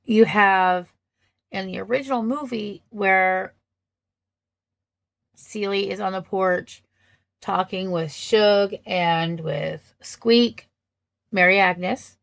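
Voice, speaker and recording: A woman speaks slowly and thoughtfully as she compares film versions, pausing often to gather her words. Her voice carries a gravelly edge, and the recording is dry with no room sound. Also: medium pitch, no echo. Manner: thoughtful, hesitant, many ums and restarts. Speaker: vlogger reviewing films. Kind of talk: casual film commentary.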